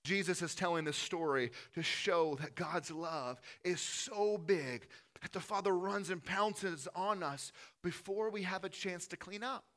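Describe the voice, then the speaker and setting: A man preaching a sermon in a church, impassioned, building to loud lists and dropping to soft pleading. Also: high-pitched, measured pace. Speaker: pastor.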